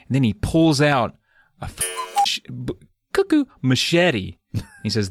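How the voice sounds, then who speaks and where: A man's voice: medium pitch, huge pitch swings, moderate pace, dry recording. A young adult man co-hosting a podcast, casually joking and animatedly retelling film scenes. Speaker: podcast co-host. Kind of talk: casual chat.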